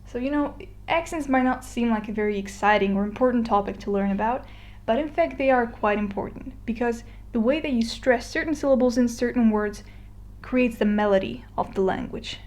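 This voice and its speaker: A woman's voice: a little high, darkish tone. Chatty woman teaching a language lesson. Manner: chatty, many fillers and restarts, slows to model words. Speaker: Spanish teacher. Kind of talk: casual explainer lesson. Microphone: voice-over on a screen recording.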